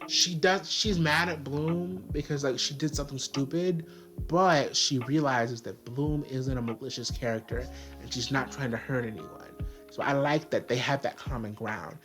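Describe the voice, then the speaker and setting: A man's voice: mid-range voice, a bit bright. A man giving a casual video review, talking in a sassy, exasperated way and filling his speech with "like". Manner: sassy, filler-heavy, exasperated ranting. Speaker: TV show reviewer.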